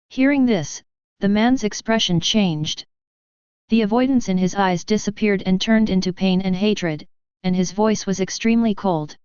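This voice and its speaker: A woman reading a fanfiction audiobook in a steady storytelling manner. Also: medium pitch, moderate pace, smooth, no echo. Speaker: audiobook narrator. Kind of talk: scripted narration. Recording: dry, dull lo-fi recording.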